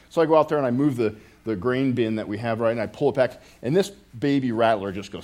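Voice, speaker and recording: A man's voice: mid-range voice, a little fast. A middle-aged man from the United States preaching a casual sermon, rambling with many restarts and joking asides to his congregation. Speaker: pastor.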